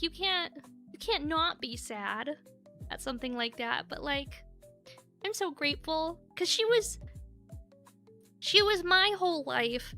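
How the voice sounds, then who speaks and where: A woman's voice: high voice, pushed and bright. A young woman streaming, chatting casually and candidly with her viewers and swearing freely. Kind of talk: casual live-stream chat.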